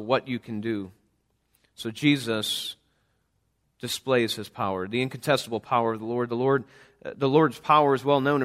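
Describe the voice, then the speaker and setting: Male pastor, mid pitch, earnest sermon delivery with restarts. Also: fairly bright tone. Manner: earnest preaching with frequent restarts and scripture readings. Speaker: father of a young son.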